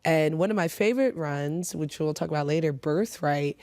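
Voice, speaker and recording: A woman's voice: low-pitched, moderate pace, darkish tone, no room sound. A woman with a New York accent co-hosting a podcast in casual, enthusiastic chat, laughing often. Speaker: podcast co-host.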